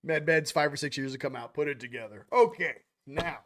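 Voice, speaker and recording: A man's voice: fairly high pitch, fairly quick, a little hiss or hum. A young man hosting a casual spiritual livestream monologue, loose and slangy, rambling with quoted asides. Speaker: spiritual channel host.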